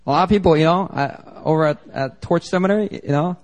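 High-voiced man preaching emphatically. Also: fast talker, a little mellow. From Philadelphia, United States. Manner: emphatic, conversational preaching with slang asides. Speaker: pastor. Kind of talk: sermon. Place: church service before a congregation.

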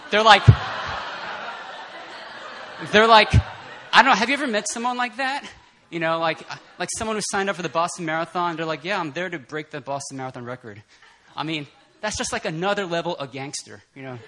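A man with a slightly high voice preaches fairly quickly at a church prayer meeting. His sermon is casual and conversational, and he's animated, laughing often amid many fillers and restarts.

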